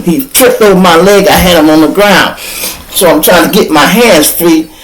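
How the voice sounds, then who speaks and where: An older man from Chicago hosting a podcast, telling a story in a casual, animated way, full of profanity and spoken sound effects. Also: sits high, normal speed, poor audio. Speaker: podcast host.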